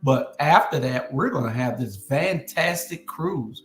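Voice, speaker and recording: A man's voice: mid-range voice, unhurried, faint music behind. Roomy-sounding man announcing with many fillers. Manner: relaxed, hesitant, many fillers. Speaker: show host. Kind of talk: casual panel discussion. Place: live stream panel. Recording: roomy echo.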